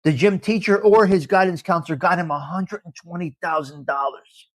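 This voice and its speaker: A man hosting a casual live-stream chat with a New York accent. He is blunt and opinionated, repeats himself for emphasis, and drops in Italian phrases. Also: on the high side. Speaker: live show host.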